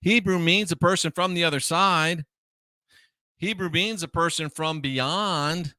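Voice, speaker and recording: A man delivers a religious commentary monologue, stressing points by repeating them and slipping in wry jokes. His voice is bright and forceful, smooth and clear, a touch higher than most men. It is recorded dry and close. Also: a little slow, dry recording. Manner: emphatic, repeats phrases for stress, wry asides. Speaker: host.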